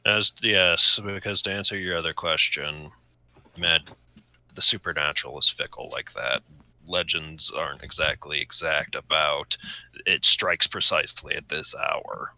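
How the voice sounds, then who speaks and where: Deep, bright-toned man explaining in character. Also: a little slow, gravelly, highs cut off. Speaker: tabletop role-play participant. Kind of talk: in-character tabletop role-play.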